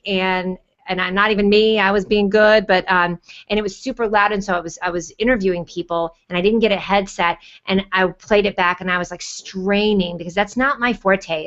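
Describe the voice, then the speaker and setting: A woman talks casually and at length on a panel, rambling from one anecdote to the next. Her pitch sits mid-range, and she gets animated as she tells a story. The audio is muffled and lo-fi, like a video call. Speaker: panelist and YouTube show host.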